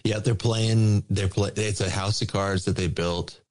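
A man on a podcast, ranting emphatically and repeating his points with drawn-out stress. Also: fairly low pitch, fairly even intonation, a little mellow. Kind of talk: casual podcast rant.

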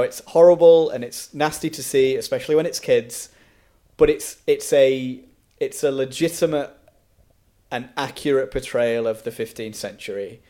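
Mellow-voiced opinionated man. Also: medium pitch. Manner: opinionated, history-minded, repeats words when restarting. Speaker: podcast co-host reviewing a film. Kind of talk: casual film review chat.

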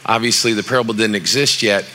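Male pastor, middle-aged, sermon delivery, clear bright tone, faint church ambience. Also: fairly low pitch, fast talker, a little hiss or hum. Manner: animated storytelling with acted quotes; reads scripture aloud with rising emphasis.

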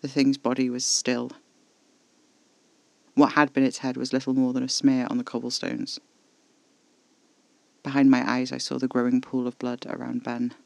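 A man reading scripted first-person horror narration in a measured, level way, close to the mic. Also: medium pitch, completely flat delivery, vocal fry, no echo, low-quality recording.

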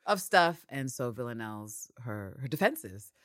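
A woman co-hosting a recap podcast, talking in a sassy, profane rant. Her low voice swings widely in pitch and has a bright edge. She is recorded close and dry. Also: a little slow, no room sound. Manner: sassy, profane, animated ranting. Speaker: podcast co-host. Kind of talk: TV recap podcast, casual chat.

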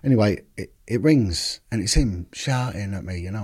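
A man's voice: on the low side, normal speed, slightly rough. A man, a former detective telling stories casually on a podcast and acting out what others said. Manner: animated, repeats words, acts out quotes.

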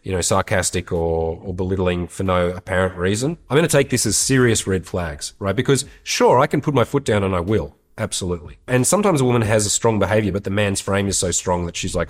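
A man's voice: deep voice, a little fast, hardly any pauses. A man hosting an advice show, talking through a listener's question in a blunt, candid way with casual swearing.

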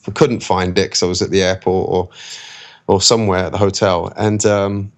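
A man's voice: low-pitched, level tone, normal speed. A man, an actor talking casually in an interview, rambling with many restarts. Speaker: actor guest.

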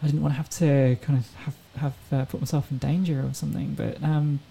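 A woman in her thirties, a racing driver speaking as a podcast guest. Her voice is warm and mellow with a gravelly edge of vocal fry. She tells her stories in an earnest, thoughtful way. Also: sits low, steady tone, brisk, a little hiss or hum, low-quality recording. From England. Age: 30s. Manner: earnest, reflective storytelling. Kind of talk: casual interview chat.

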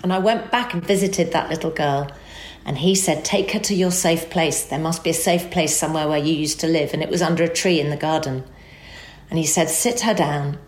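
A woman telling an emotional personal story as a guest, animated and acting out the dialogue. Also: low voice, echoey room.

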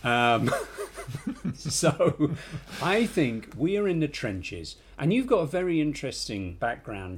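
A middle-aged man from North London with a London accent, co-hosting a podcast in animated, rambling, self-deprecating chat. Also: on the high side, slow pace, slight background noise. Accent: London English. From North London, England. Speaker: podcast co-host. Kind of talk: casual chat.

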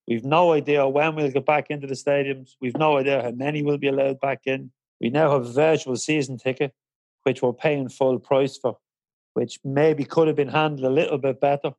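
A man's voice: mid-range voice, steady tone, fairly quick, darkish tone, no echo, poor audio. A man with an Irish accent, hosting the interview and setting up long questions. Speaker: interviewer, host.

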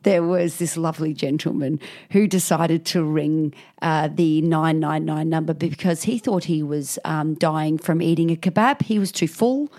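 A woman's voice: low voice, moderate pace, few pauses, darkish tone. A woman, a podcast co-host telling a story in casual chat. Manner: storytelling, giggly.

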